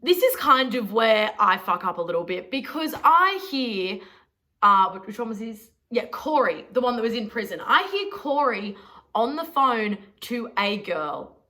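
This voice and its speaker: A woman's voice: fairly high pitch, expressive, a little slow, pushed and bright. A young Australian woman telling a story to camera in a chatty, sweary, self-mocking vlog. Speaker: vlogger.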